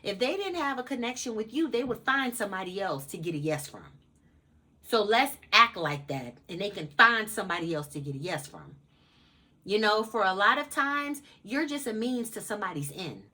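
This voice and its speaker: Blunt, emphatic woman with a bright voice. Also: mid-range voice, sing-song, normal speed. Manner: blunt, emphatic, swears freely; repeats points for emphasis. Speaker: advice channel host. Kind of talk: casual motivational talk to camera.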